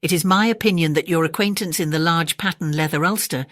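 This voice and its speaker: A woman's voice: fairly low pitch, brisk, fairly bright tone, dry recording, clean studio sound, lightly acted. A woman doing a pompous long-winded python. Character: pompous wordy male python snake.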